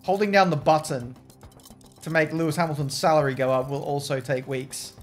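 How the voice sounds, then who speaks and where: A man streaming a racing management game talks fairly quickly in a slightly high voice with fairly even intonation. In this casual gameplay commentary he jokes, swears, and talks to his chat, over faint background music.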